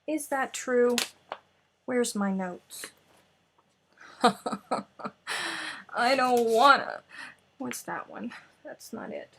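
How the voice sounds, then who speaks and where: A woman hosts a crochet livestream, chatting casually and muttering to herself while hunting for her notes, a bit scatterbrained. Her voice is fairly high and creaky, with slight background noise.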